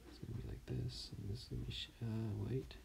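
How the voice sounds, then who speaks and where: Tired man mumbling half-whispered, creaky. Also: mid-range voice, steady tone, fast talker, heavy background noise. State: tired, something in his throat. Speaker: artist streaming his drawing. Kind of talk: casual commentary while drawing.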